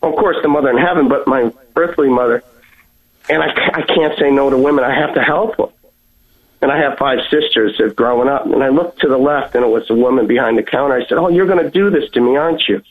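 A man's voice: medium pitch, fairly even intonation, quick pace. A man telling a personal story in an earnest way, often stumbling and repeating his words. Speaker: guest sharing a testimony. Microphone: phone. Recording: tinny phone line.

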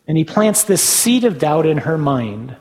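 A man's voice: a little high, big pitch swings, a little slow, a little mellow, long reverb tail, poor audio. A man, a Catholic priest, preaching a sermon in a conversational way with tag questions.

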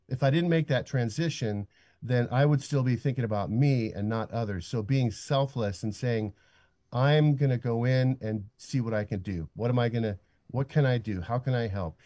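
A man's voice: medium pitch, dark tone, no room sound. An older man, a guest on a radio interview, speaking in an earnest, reflective, stop-start way.

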